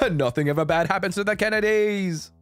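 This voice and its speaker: This VTuber streamer's voice sits high and clean, at a moderate pace with no room sound and faint music behind. He's a young man rambling playfully on stream, cursing openly, laughing a lot, and often starting over.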